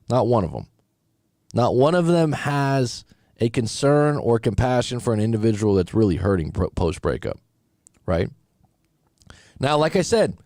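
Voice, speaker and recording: A man, a relationship coach, giving casual commentary on clips, animated and chatty with quoted asides. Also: mid-range voice, no room sound, studio quality.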